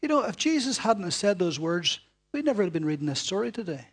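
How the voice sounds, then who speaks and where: A man preaching a sermon, dramatic, swinging from loud calls to hushed whispers and putting rhetorical questions to his listeners. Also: high voice, very animated, fast talker, breathy edge.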